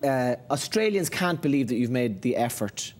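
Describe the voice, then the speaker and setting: A man's voice: mid-range voice, animated, normal speed, a little mellow, slight background noise. A man with an Irish accent, a comedian guest chatting on a talk show, laughing through his jokes. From Ireland. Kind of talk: casual talk-show chat.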